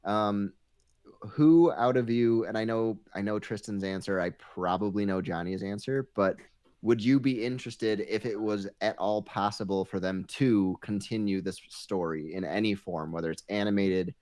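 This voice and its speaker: A man's voice: lowish voice, normal speed, a little mellow, dry recording. A man hosting a podcast in casual chat, a bit hesitant, steering the discussion to the next question.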